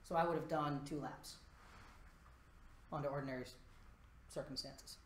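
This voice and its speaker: A man giving a live conference talk, lively and self-deprecating, walking around the stage as he speaks. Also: on the high side, moderate pace. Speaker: conference presenter. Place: presentation room before a live audience. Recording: echoey presentation room.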